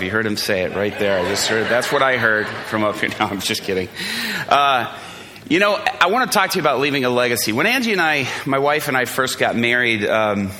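A man's voice: on the low side, bright, forceful tone. A man in his forties preaching a sermon, telling stories with jokes, fillers and restarts. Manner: storytelling, joking, self-deprecating, many fillers and restarts. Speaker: pastor.

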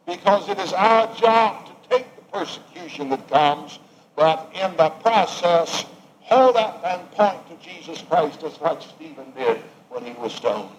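A man preaching a sermon, swinging from raised emphatic lines to hushed, quiet ones. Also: high voice, poor audio.

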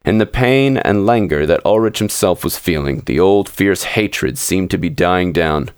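A man hosting a story podcast, reading a classic short story aloud in measured, steady narration. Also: low voice, smooth, no echo, clean studio sound. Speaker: podcast host and story reader.

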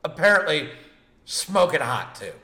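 An animated man telling a story on a casual podcast and swearing as he goes. His voice is bright and swings widely in pitch. The sound carries a roomy echo. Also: a little slow. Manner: animated storytelling, acts out quoted lines, swears a lot. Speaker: podcast co-host. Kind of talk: casual chat.

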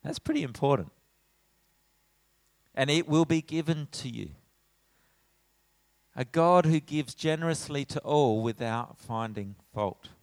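A middle-aged man preaching a sermon in a church as pastor, animated, acting out his own lines when he tells stories. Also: fairly high pitch, unhurried, pauses often, dry recording. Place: church hall.

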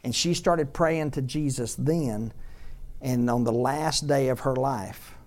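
A man preaches a sermon as pastor, repeating lines for emphasis and swinging between loud shouted peaks and soft storytelling. His voice is mid-range and his pace slow.

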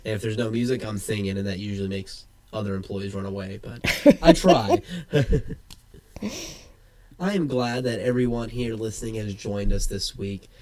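A man co-hosting a casual podcast while getting over a head cold, chatty and quick to laugh, drifting into tangents. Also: lowish voice, darkish tone. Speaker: podcast co-host.

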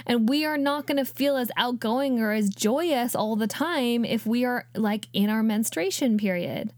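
A woman's voice: fairly high pitch, a little mellow, no room sound, clean studio sound. A young woman hosting a casual solo podcast, chatty and encouraging, with many fillers. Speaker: podcast host.

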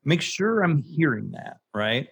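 A man who runs an audiobook production company, speaking as a guest in a casual interview, animated and emphatic and swearing for emphasis. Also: fairly high pitch, measured pace, creaky, husky, dry recording.

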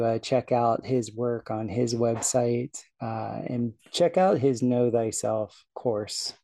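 A man's voice: mid-range voice, creaky, dark tone, dry recording. A man from South Florida, a podcast host, rambling cheerfully through a casual outro and laughing at his own slips.

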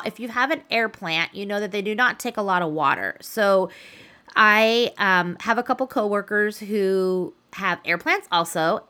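Bright, chatty woman podcast host. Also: medium pitch. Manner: chatty, animated, laughs while telling a story. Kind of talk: casual storytelling monologue.

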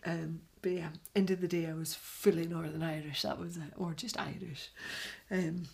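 A woman from Scotland, a yarn vendor and podcaster, chatting casually and telling stories in a lively way. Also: low voice, normal speed, gravelly. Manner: chatty, animated storytelling. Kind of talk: casual chat.

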